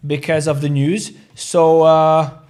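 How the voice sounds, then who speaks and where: A man's voice: on the high side, flat delivery, slow pace, a little mellow. A man hosting a crypto trading livestream, rambling casually, swearing freely and joking with viewers about their likes. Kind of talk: casual livestream chat, reading viewer comments.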